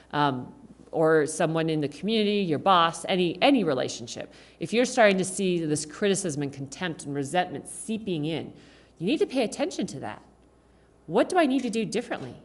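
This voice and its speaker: A woman giving an informal, conversational talk to a church congregation, animated and acting out quoted speech along the way. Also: deep voice. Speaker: guest speaker at a church service.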